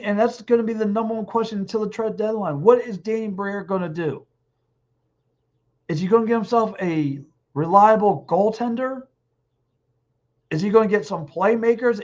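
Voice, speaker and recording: A man in his fifties hosting a podcast, talking sports alone and reading out live comments, blunt and excitable, repeating himself, a little hoarse with a dry throat. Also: high-pitched. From Philadelphia. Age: 50s. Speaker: podcast host. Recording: dull lo-fi stream audio.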